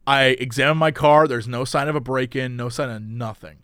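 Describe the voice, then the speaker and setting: A man telling a story in casual chat, animated and exasperated, swearing now and then. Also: medium pitch, fairly quick, smooth, dry recording, clean studio sound. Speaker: podcast host telling a story.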